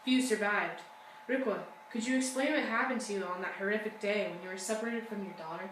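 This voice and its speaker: A woman's voice: medium pitch, brisk, close to an everyday voice. A young woman playing a talk-show hostess who interviews her guests in a gushing, sympathetic way. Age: young adult. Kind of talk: school-project talk-show role-play. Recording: echoey room, distant mic, faint hum.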